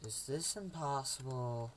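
A man's voice: mid-range voice, unhurried. A young man casually commentating a game he plays at home, joking around and doing silly voices for the characters. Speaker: gameplay commentator.

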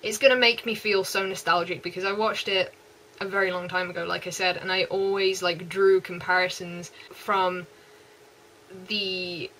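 A young woman with a West Country English accent, chatting excitedly and gushing in repeats as an anime vlogger. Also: lowish voice, normal speed, poor audio. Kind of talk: casual chat.

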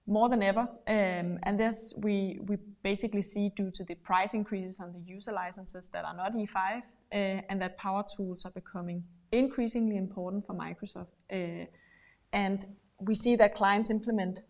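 A woman's voice: mid-range voice, steady tone, moderate pace, a little mellow. A woman presenting a business webinar over a video call, explaining steadily with frequent fillers. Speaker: webinar co-host.

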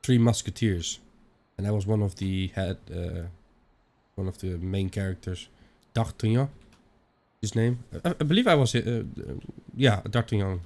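Young man, Dutch accent, rambling game commentary, casual swearing, lowish voice. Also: moderate pace, darkish tone. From Netherlands. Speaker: gaming channel host. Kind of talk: let's-play commentary.

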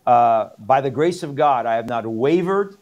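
With the highs cut off, a man's darkish, mid-range voice comes through at normal speed with lively intonation. He is a middle-aged pastor from Iran, a guest in an interview, giving testimony of his conversion through earnest, emphatic repetition.

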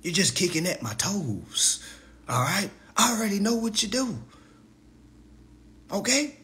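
A man in his thirties delivering a mocking, profane roast monologue to camera, swinging between loud jeers and low mutters. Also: sing-song, a little slow, a little hiss or hum. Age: 30s.

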